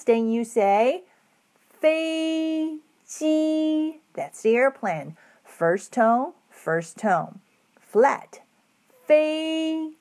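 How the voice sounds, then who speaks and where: A woman teaching a Mandarin lesson, modeling each tone with exaggerated pitch swoops. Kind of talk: slow, patient language lesson.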